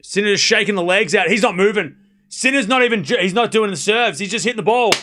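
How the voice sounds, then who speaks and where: A man's voice: high voice, fast talker, pushed and bright. A man hosting a live watchalong stream, calling the play and reacting bluntly, swearing freely. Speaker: streamer host.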